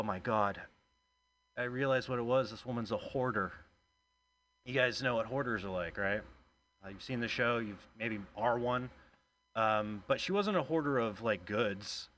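A man's voice: mid-range voice, fairly bright tone, rough recording. Man, stand-up comic, rambling stories, laughs at own jokes, club stage mic, faint room noise. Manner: chatty, self-deprecating, laughs at own jokes. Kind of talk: stand-up storytelling.

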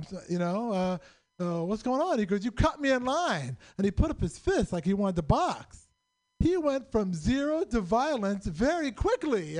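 A man with a very high-pitched voice telling a stand-up story on a comedy club stage. He is self-deprecating and quick, and he puts on voices for the people in his tales. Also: darkish tone. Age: middle-aged.

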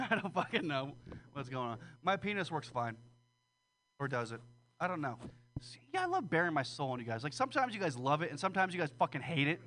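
High, lively rambling comic guy. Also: brisk. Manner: crude, self-deprecating, rambling with nervous laughs. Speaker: stand-up comedian. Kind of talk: rambling stand-up set. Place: small comedy stage.

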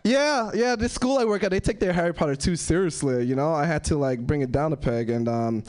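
A young man performing a stand-up comedy set, rambling and halting with many fillers, breaking into sudden high-pitched outbursts. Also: darkish tone.

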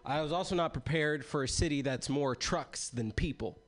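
A young man doing stand-up with a dry, measured delivery. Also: on the high side. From Egyptian family. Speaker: stand-up comic. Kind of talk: stand-up comedy set.

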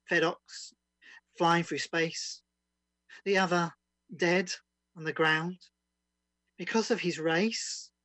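A man's voice: sits high, sharp tone, no room sound. A man performing spoken-word poetry over a video call, in a rhythmic sing-song delivery of mock desperation. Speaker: poet performing at an online open mic.

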